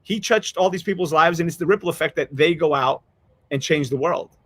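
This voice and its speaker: Fairly high-pitched and fairly quick, a male podcast host tells a rambling, earnest story in a casual chat, restarting often and choking up emotionally. His tone is fairly bright, with no room sound on the recording.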